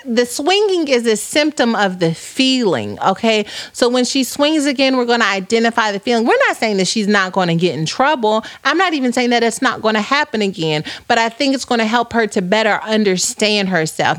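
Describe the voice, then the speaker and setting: A woman in her thirties hosting a podcast, reading live comments aloud in a playful, teasing, animated way. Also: mid-range voice, no echo. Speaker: podcast host.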